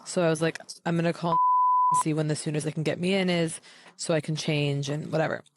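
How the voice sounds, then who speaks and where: A woman co-hosting a podcast, telling an animated story in casual chat and jumping up in pitch to act out the people she quotes. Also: fast talker, heavy background noise. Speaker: podcast co-host.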